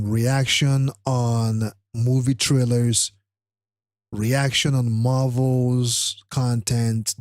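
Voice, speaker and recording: A man's voice: medium pitch, a little mellow, no room sound, clean studio sound. A tired man hosting a live stream, rambling casually with many fillers and restarts. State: tired, struggling to stay awake.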